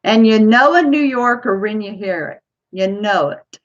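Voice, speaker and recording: A woman's voice: medium pitch, expressive, unhurried, highs cut off. A woman from Ohio with a Kentucky accent, chatting to camera in a rambling way as a vlogger. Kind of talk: casual chat to camera.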